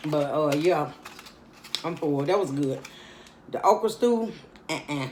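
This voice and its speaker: Tired lady talking to her viewers while she eats, kinda low voice. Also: expressive, unhurried, background noise. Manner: chatty, laid-back, talks straight to viewers. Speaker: mukbang vlogger. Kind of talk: casual mukbang chat while eating.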